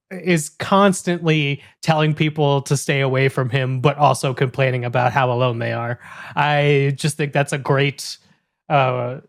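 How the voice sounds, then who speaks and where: A man co-hosting a podcast, talking enthusiastically in casual chat with frequent fillers. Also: medium pitch. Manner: enthusiastic, talkative, with many fillers. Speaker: podcast co-host.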